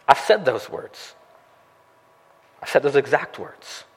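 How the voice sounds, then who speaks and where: Animated male preacher in a reverberant hall. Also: medium pitch, takes it slowly, pauses often, breathy edge. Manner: conversational preaching with frequent rhetorical questions and "right?". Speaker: pastor. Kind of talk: sermon.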